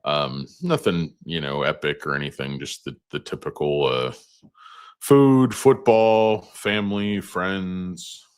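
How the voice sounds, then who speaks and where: Low-voiced rambling stock show host. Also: male voice, fairly bright tone. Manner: rambling, jumps between topics, crude jokes. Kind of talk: casual livestream chat.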